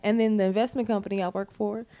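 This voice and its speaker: A woman's voice: mid-range voice, quick pace. A woman hosting a podcast, talking candidly in casual conversation, blunt and sarcastic, with frequent swearing. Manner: animated, sarcastic asides. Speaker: podcast host.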